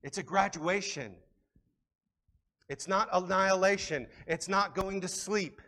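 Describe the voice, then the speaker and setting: A man with a fairly high voice delivers a sermon from the pulpit. He talks casually and with animation, repeating and restarting words as he builds his points. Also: unhurried. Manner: conversational, animated preaching with frequent restarts. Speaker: pastor.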